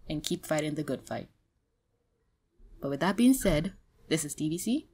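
Impassioned, profane woman YouTuber, lowish voice. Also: animated, normal speed, pauses often, husky. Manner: impassioned, swings from quiet to heated outbursts; profane and blunt. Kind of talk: commentary vlog.

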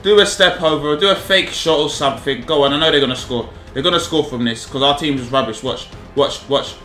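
Young guy begging his team on in a football game, fairly high voice, roomy echo. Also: a little fast. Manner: animated, pleading and exasperated, slangy. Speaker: gaming YouTuber. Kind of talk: live game commentary. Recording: echoey room with music behind.

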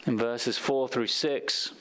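A man's voice: mid-range voice, fairly even intonation, slow, fairly bright tone. A man preaching a sermon as pastor, reading scripture aloud and telling stories from his own youth. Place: church sanctuary.

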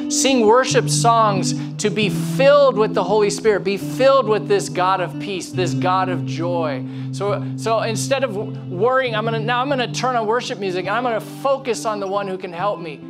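A fairly high-voiced male pastor preaches to his church, acting out each person in his story. His delivery swings from lively to hushed, over a faint guitar bed. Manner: animated storytelling, acting out quotes, dropping to a hush. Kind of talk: sermon.

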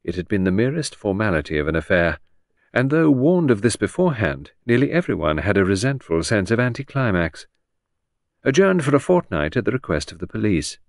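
A man's voice: on the low side, no room sound, clean studio sound. A man reading a classic detective novel aloud as an audiobook narrator, giving the characters' lines small shifts of voice. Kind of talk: scripted narration.

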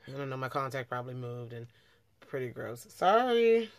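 A young woman with a bass voice delivers a makeup tutorial in a flat but fairly quick manner, her tone fairly bright. A beauty vlogger, she chats as she works and corrects herself often, with slight noise in the background.

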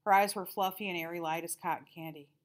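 A teacher reading a novel aloud to her class in a calm, steady storytelling manner. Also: fairly low pitch, fast talker.

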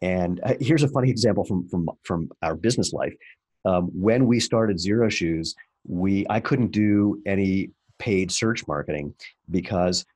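A very low-pitched, husky male voice belonging to a man in his fifties. He talks in a wry, animated way with plenty of fillers and restarts, as a podcast interview guest. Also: measured pace. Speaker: entrepreneur guest.

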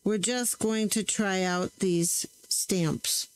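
A woman's voice: medium pitch, fairly even intonation, slow, dry recording, rough recording. A woman hosting a crafting channel, chatting casually to viewers while she tests stamps, often correcting herself as she works. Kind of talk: casual crafting demo chat.

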